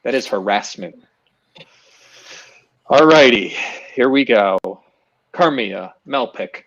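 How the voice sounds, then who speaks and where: A game show host on a video call, upbeat and quick to laugh, running a comedy stream. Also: mid-range voice, animated, dull audio. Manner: giggly, upbeat, frequent laughs.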